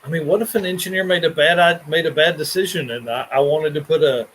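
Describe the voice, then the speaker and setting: A man's voice: on the high side, fast, fairly bright tone, a little hiss or hum, rough recording. A man hosting a car podcast, chatting casually and rambling with restarts and fillers. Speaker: podcast host.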